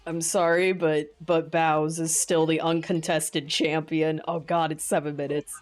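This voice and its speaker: A woman streamer giving relaxed, giggly commentary while she reacts to clips. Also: low-pitched, a little slow, faint music behind. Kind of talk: casual reaction chat.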